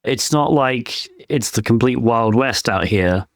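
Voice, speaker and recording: A man's voice: mid-range voice, expressive, unhurried, dry recording, studio quality. A man co-hosting a podcast in casual chat, giving his opinions as he thinks them through. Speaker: podcast co-host; penetration tester.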